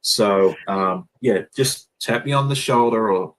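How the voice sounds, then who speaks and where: A man's voice: lowish voice, measured pace, rough recording. A man appearing as a guest in a casual chat, speaking in an earnest, mild way and often repeating himself.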